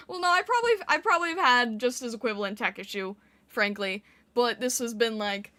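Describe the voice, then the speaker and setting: A woman streaming live, chatting casually with her chat, giggling often, her voice squeaking when she laughs or yells. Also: lively intonation, fairly quick.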